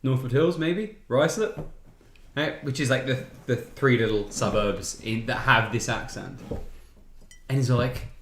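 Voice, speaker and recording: A man's voice: medium pitch, measured pace, fairly bright tone, echoey room, slight background noise. A man with an English accent from Pinner, telling stories in a casual podcast chat. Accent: Pinner English, living in Australia. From England. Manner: storytelling, chatty, laughs often. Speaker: podcast co-host.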